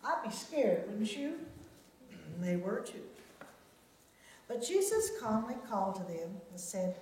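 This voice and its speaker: A woman leading a children's sermon, reading a Bible story and gently asking the children questions. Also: medium pitch, sing-song, slow, pauses often, far from the mic, a little hiss or hum. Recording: very echoey room.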